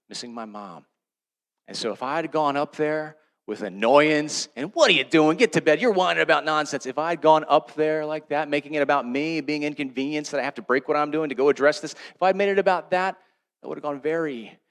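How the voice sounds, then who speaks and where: Here a middle-aged pastor gives a conversational, narrative sermon in a medium-pitched voice, alternating between booming emphasis and softer, hushed passages.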